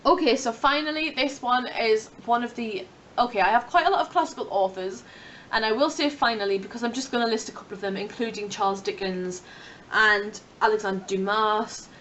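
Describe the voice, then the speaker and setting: A woman's voice: on the high side, fairly quick, fairly bright tone, a little hiss or hum. Chatty woman, bit distant. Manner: chatty, rambling, playful. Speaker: book vlogger. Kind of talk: casual chat to camera.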